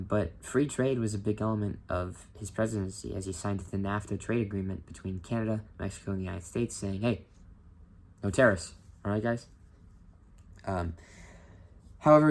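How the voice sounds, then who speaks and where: A man's voice: lowish voice, darkish tone. A man casually explaining history as a vlogger, informal and opinionated, with many filler ums.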